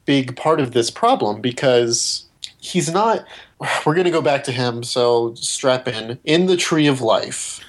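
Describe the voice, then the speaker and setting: Podcast co-host, male, mid-pitched, blunt and wry, picks the film apart. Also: animated, a little slow, low-quality recording. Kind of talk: casual film critique.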